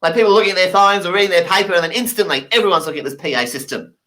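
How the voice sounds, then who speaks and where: A man's voice: sits high, rapid-fire, pushed and bright, low-quality recording. A man from England, doing stand-up storytelling and acting out the voices of the people in his anecdotes. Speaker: stand-up comedian.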